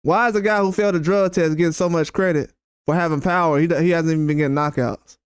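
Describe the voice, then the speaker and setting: A man's voice: fairly high pitch, fairly even intonation, quick pace, clean tone, no echo, studio quality. A man hosting a boxing channel, ranting bluntly and heatedly at his chat with repeated, profane jabs. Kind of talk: live-stream rant responding to chat.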